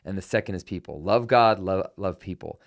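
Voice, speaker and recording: A middle-aged man hosts a podcast, telling a personal story in a conversational way. His voice is low, brisk and creaky, and he gets animated as he acts out the quoted dialogue.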